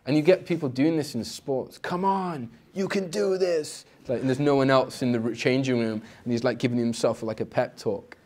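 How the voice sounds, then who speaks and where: This Islamic teacher's informal spiritual lecture comes out brisk and steady, with a darkish tone and hardly any pauses. Conversational in style, he often repeats the first word of a phrase and jumps pitch suddenly to act out inner voices.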